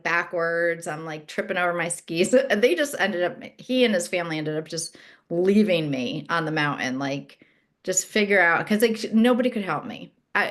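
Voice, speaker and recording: A middle-aged woman co-hosting a podcast, telling a personal story in casual chat and acting out what others said. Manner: animated storytelling, acts out quoted friends in a higher voice. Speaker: podcast co-host.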